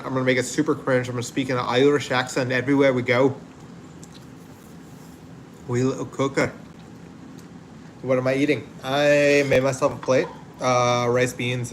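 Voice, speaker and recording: A man's voice: medium pitch, a little hiss or hum. Easygoing man chatting on a livestream. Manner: easygoing, rambling, laughs easily. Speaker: livestream host. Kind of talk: casual livestream chat, reading viewer comments.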